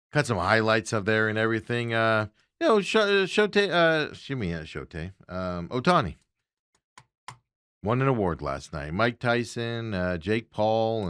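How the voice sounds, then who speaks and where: A man's voice: fairly low pitch, a bit bright, clean tone, no echo, clean studio sound. A man hosting a casual sports talk show, rambling along with lots of fillers and chuckling asides.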